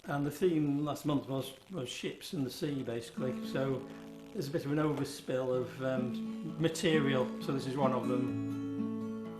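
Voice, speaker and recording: Man, halting, self-deprecating, echoey room, guitar in background. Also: mid-range voice. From England. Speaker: folk club performer. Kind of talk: casual chat introducing a song. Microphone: video call.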